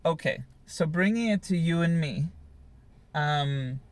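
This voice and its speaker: In a candid conversation with his partner, a male co-host thinks aloud, reflective and searching, with many fillers. His voice sits a little high, he takes things slowly, and the recording is dry.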